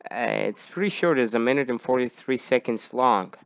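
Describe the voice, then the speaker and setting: Male reaction host, casual and indignant, with a smooth voice and a dry, close sound. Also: medium pitch, normal speed, dry recording. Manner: outraged exclamations.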